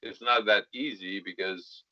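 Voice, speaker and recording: A low-voiced man talks as a guest, rambling and leaning on fillers and "right?" tags. English is not his first language. The sound is dry and a little dull. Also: fairly even intonation, measured pace, pushed and bright, dry recording. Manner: rambling, many fillers and tag questions. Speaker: actor, podcast guest. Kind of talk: casual interview chat.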